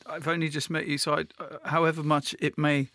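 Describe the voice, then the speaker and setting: A man's voice: a little high, flat delivery, brisk, bright, forceful tone. A man hosting a podcast, introducing clips and teasing his guest playfully. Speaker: podcast host. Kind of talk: casual chat and scripted links.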